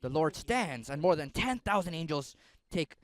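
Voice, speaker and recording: Give me a male preacher telling a story in a dramatic, high, animated voice. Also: moderate pace. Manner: dramatic, emotive. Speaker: pastor.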